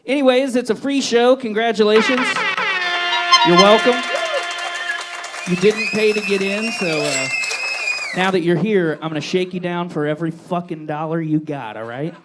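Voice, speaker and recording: A man's voice: sits high, normal speed, over loud music. A man hosting a live variety show on a bar stage, bantering with the audience in a loose, profane, self-deprecating way. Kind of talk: stand-up style hosting banter.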